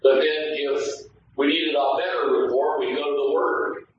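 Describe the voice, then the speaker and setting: A man's voice: fairly high pitch, steady tone, normal speed, a little hiss or hum. A man teaching a Bible study in a church sanctuary, in a conversational, joking way that often asks the congregation for responses. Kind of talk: conversational sermon. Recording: echoey, dull sound from a distant mic.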